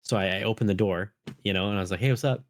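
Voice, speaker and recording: Fast-talking man in casual chat. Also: on the low side. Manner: rambling storytelling, swears often. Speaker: podcast host.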